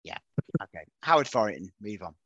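A man hosting a casual football chat, chatty and laughing, often trailing off quietly. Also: fairly low pitch, sing-song, brisk, husky, no echo, highs cut off. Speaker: podcast host.

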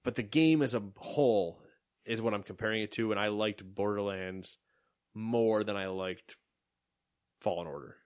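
A man's voice: fairly low pitch, moderate pace, clean tone. A young man co-hosting a podcast in casual, rambling chat and laughing often. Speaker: podcast co-host.

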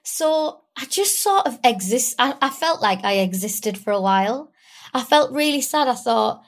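A young woman with a slightly high voice speaks as an interview guest. She sounds tearful and candid, and she rambles through her story with lots of fillers. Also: animated, moderate pace. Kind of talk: emotional personal interview.

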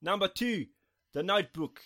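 A man's voice: high-pitched, expressive, moderate pace, sharp tone, pitched above the performer's own voice. A podcast co-host, a man, putting on a clumsy New Zealand accent while reading out a ranking. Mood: flustered. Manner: panicky, laughing at his own attempt.

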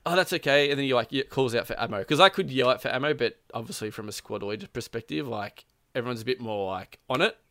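A man's voice: mid-range voice, quick pace, few pauses, a bit bright, no room sound, studio quality. A man casually telling a long story about a game, rambling with plenty of fillers and quoted lines. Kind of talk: casual chat.

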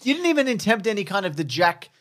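A man co-hosting a podcast in casual banter, dry and sarcastic. He grumbles, but his pitch moves a lot, which keeps him animated. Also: quick pace. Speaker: podcast co-host. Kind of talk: casual chat.

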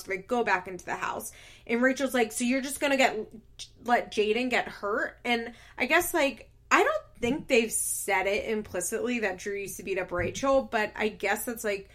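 A woman telling a story in a casual, chatty way, animated and quick to laugh, full of filler words. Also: mid-range voice. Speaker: show recapper.

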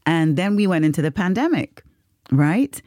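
A woman's voice: fairly low pitch, very animated, normal speed, a little mellow, dry recording, studio quality. A woman hosting a podcast, telling a personal story in casual chat, laughing often and acting out the voices of others. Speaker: podcast host.

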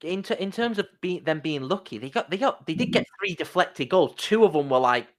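A man's voice: high voice, brisk. Casual young man chatting football. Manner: animated, swearing, trailing restarts. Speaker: podcast co-host.

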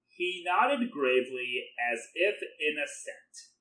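A man reading a classic mystery story aloud in measured narration, voicing the dialogue. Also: a little high, lively intonation, pushed and bright. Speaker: audiobook reader. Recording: roomy echo.

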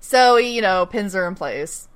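A woman's voice: mid-range voice, lively intonation, normal speed, smooth. Laughing, swearing woman recapping a show. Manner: chatty, swears freely, laughs often. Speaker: podcast co-host recapping episodes. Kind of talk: casual rewatch chat.

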